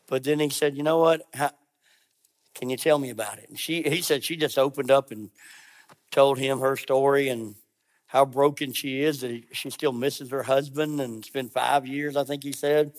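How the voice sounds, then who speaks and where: A middle-aged male pastor preaching a sermon, telling a story with lively quoted voices and laughter. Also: medium pitch, moderate pace.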